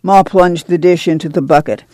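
Female narrator, calm and even, dry sound. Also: lowish voice, normal speed, no echo. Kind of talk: audiobook narration.

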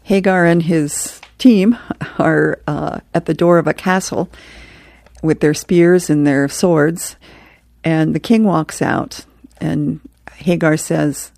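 Woman host, low gravelly voice, laughs between comic readings, dry booth sound. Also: steady tone, takes it slowly, darkish tone, no echo. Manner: chuckles between items, reads comic strips aloud. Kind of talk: casual reading aloud.

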